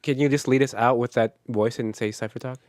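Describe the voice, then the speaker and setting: A man's voice: medium pitch, steady tone, a little fast, a little mellow, dry recording, studio quality. Easygoing male podcast co-host. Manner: easygoing, wraps up the show. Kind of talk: casual chat.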